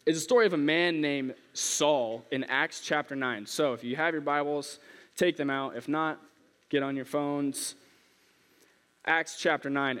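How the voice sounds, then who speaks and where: A young male preacher with a slightly high voice tells funny stories in a casual, self-deprecating way. His voice carries a long reverb from a church hall. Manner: chatty, self-deprecating, animated storyteller. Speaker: youth preacher. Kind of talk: casual sermon with storytelling.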